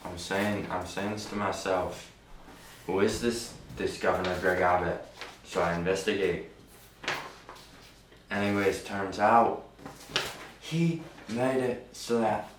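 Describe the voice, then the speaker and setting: Rambling mock-French deposed king, slow and pompous, man doing the voice. Distant, noisy, roomy recording. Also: on the low side. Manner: rambling, self-important, bragging. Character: boastful deposed male "king of 2021".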